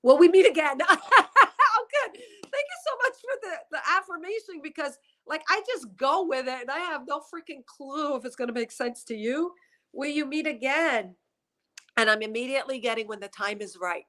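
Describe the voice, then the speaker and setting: A woman's voice: high-pitched, animated, normal speed. A woman doing a psychic reading on a headset mic, emotional and tearful as she rambles through her impressions. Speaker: psychic reader. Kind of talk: spiritual reading session.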